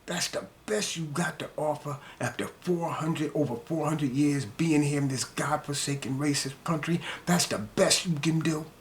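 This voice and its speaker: An older man delivering an angry, scolding monologue rant, repeating himself and dropping to low mutters between heated outbursts. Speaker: commentator ranting to camera.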